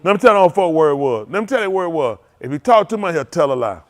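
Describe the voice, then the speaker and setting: A male pastor telling stories from the pulpit, his voice swinging widely up and down. He sits a touch higher than most men and laughs easily, looping back over his own phrases as he acts out what others said. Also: fast. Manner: animated folksy storytelling with frequent laughter; repeats and restarts phrases, acts out quotes. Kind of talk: storytelling sermon.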